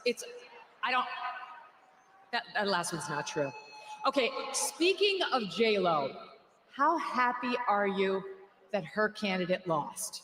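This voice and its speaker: A woman's voice: medium pitch, sing-song, a little slow, pauses often, a bit bright. A woman giving a sarcastic, mocking political rally speech in a large hall. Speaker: rally speaker. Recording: echoey hall, faint background noise.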